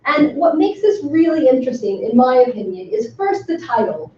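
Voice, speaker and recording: Higher-pitched woman lecturing in an echoey room. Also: very animated, normal speed, dark tone. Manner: enthusiastic, emphatic, with frequent ums. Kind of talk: academic talk to a workshop audience. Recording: far from the mic in an echoey room, dull and slightly noisy.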